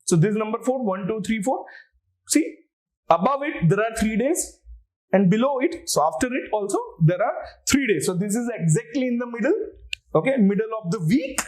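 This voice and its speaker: A man's voice: high-pitched, animated, moderate pace, darkish tone. A man with an Indian English accent, teaching an online language lecture and patiently spelling words out letter by letter.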